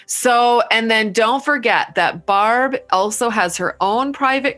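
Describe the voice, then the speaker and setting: An upbeat woman hosting a podcast, talking in a chatty, casual way. Her voice is bright and forward. Now and then she slows right down to spell out a web address. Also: a little high, faint music behind. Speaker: podcast host.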